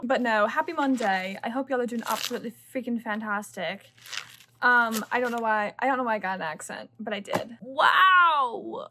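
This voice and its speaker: A young woman vlogging in a casual, rambling way, partly whispered late at night. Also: fairly high pitch. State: sleepy at two in the morning. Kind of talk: casual chat to camera.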